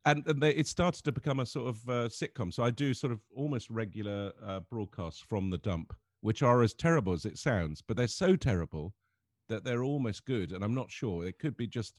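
English comedian type, mid-pitched, lively storyteller, dry close mic. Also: male voice, a little fast, no room sound. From England. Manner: animated storyteller, laughs through his stories. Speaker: comedian guest. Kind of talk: casual anecdote telling.

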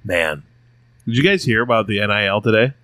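A man's voice: lowish voice, expressive, a little fast, pushed and bright, no room sound. A man co-hosting a casual podcast chat, talking enthusiastically and gushing about food. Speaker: podcast co-host.

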